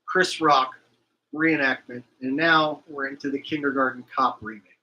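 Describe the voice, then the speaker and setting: A man's voice: mid-range voice, fairly even intonation, normal speed, bright, forceful tone, rough recording. A man hosting a livestream, chatting loosely and reading out comments from viewers. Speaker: livestream host.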